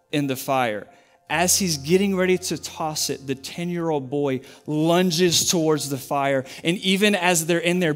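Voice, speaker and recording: Earnest preacher man, slightly high voice. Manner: earnest, emphatic, repetitive. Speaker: pastor. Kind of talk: sermon storytelling. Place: church.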